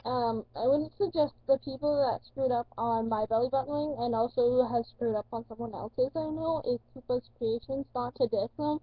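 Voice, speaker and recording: Rambling young woman vlogger, husky lo-fi. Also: fairly high pitch, moderate pace, few pauses, no room sound. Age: young adult. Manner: rambling, full of likes and ums, excitable. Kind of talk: casual chat.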